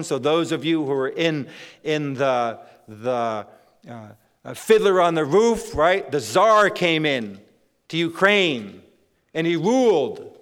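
A man's voice: on the high side, fairly bright tone, clear, resonant tone. A male pastor preaching a sermon to his congregation, emphatic, repeating phrases and often restarting his sentences. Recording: long hall reverb.

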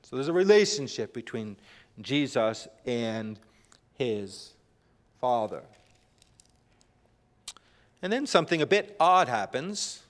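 A male preacher reading scripture and explaining it in a sermon, halting with frequent "uh", rising when he quotes and dropping low at the ends of phrases. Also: sing-song. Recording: long hall reverb.

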